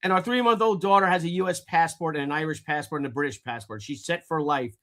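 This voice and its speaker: A man hosts a casual livestream chat. He talks in a fairly high voice and rambles through his stories, cursing freely and laughing along the way. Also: fast, fairly bright tone. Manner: rambling storyteller, swears and laughs often. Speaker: host.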